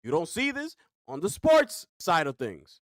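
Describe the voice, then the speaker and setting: Gaming streamer, male, high and lively voice, rhetorical and slangy rant. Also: a little slow, no echo, studio quality. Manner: animated, rhetorical questions, slangy. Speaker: gaming commentator reacting to a clip.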